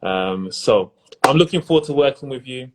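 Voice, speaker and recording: An upbeat man leads a business pitch final over a video call. He talks casually and warmly to the finalists, repeating phrases as he goes. His voice sits at an everyday middle pitch. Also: expressive, normal speed, slight background noise. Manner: upbeat, chatty, repeats himself. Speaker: investor hosting a pitch competition final. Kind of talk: casual live-stream chat.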